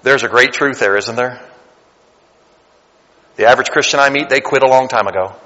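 Man, late 40s, pastor, sermon, bright voice, long church-hall reverb. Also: mid-range voice, moderate pace, highs cut off. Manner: conversational preaching with rising, emphatic bursts. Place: church sanctuary.

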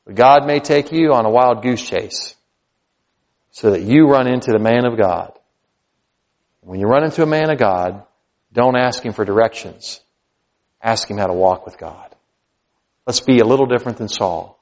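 A male pastor preaching a sermon, swinging from loud, high exclamations to low, quiet emphasis. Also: moderate pace, long pauses. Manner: preaching with big swings in pitch and loudness, rising to near shouts then dropping low. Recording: dull sound with long hall reverb.

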